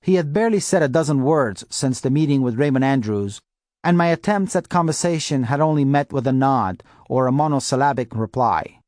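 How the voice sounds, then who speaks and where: A man reads a first-person novel in a steady, measured way. His voice sits in the middle range. The recording is dry and close. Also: medium pitch, no echo. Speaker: audiobook narrator. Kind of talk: first-person audiobook narration.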